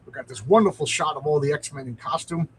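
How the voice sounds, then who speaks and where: A man's voice: a little high, a little fast, a little hiss or hum, rough recording. A man hosting a live stream, reading a comic aloud with enthusiasm and answering viewer comments.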